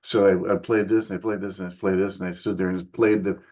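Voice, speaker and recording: Older man telling a lively story. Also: quick pace, dull audio. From United States. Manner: animated storyteller, acts out others' lines in higher voices. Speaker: musician guest. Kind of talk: casual storytelling interview.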